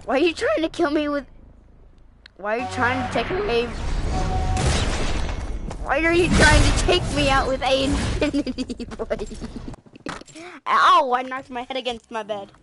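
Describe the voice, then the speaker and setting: A young woman chatting casually while playing a game, giggly, excitable and trash-talking. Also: sits high, measured pace, pauses often, loud music behind the voice. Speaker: gamer. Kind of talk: casual gaming chat.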